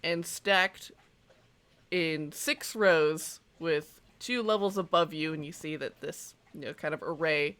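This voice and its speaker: A game master narrates a tabletop scene slowly and deliberately, in a bright, sharp-edged voice at a middle pitch. The descriptions are loose and hedged with fillers. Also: clear, resonant tone. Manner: slow, scene-setting narration with hedging fillers.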